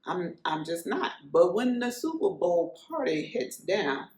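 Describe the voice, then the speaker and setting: A woman's voice: lowish voice, big pitch swings, a little slow, darkish tone, echoey room. A woman co-hosting a podcast in casual chat, chiming in with playful asides. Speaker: podcast co-host.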